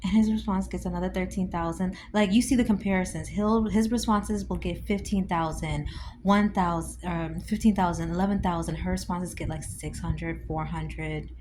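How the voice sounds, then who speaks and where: A woman's voice: on the low side, steady tone, moderate pace, noisy background. A woman giving casual, amused reaction commentary on social media posts, with slangy, chatty asides.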